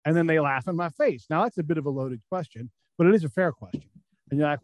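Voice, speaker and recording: A man's voice: fairly high pitch, fast talker, a little mellow, dry recording, low-quality recording. A middle-aged man telling war stories candidly in a casual interview, swearing freely and acting out the people he quotes. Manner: candid, profane, acts out quotes in voices. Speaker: guest, former military intelligence officer.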